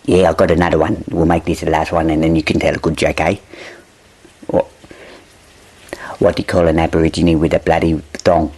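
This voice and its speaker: A man's voice: extremely low pitch, little pitch movement, brisk, long pauses, darkish tone, slightly rough. A drunk Australian man telling crude jokes, swearing, fumbling his setups and laughing at his own punchlines. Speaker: comedy podcast joke teller. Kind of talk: crude pub-style joke telling.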